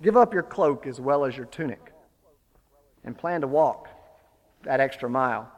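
A man preaching a sermon, retelling a story with lively, building emphasis. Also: mid-range voice, moderate pace, long reverb tail. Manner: storytelling, animated, rising to forceful emphasis.

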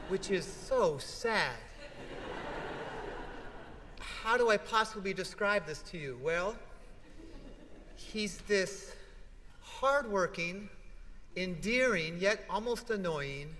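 A man's voice: high voice, a little hiss or hum. A man preaching a sermon in a large church sanctuary, telling stories and asking rhetorical questions. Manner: animated storytelling with rhetorical questions. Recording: echoey church hall.

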